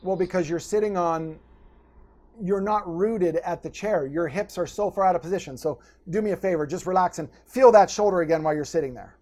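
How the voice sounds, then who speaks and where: A man coaching a podcast host through posture fixes, giving energetic step-by-step instructions. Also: high voice, brisk.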